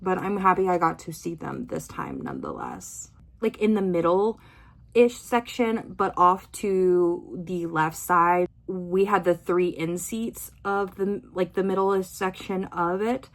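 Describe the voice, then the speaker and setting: A woman's voice: lowish voice, lively intonation, takes it slowly. Chatty young woman vlogger. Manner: chatty, rambling, many "like" fillers. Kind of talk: casual chat.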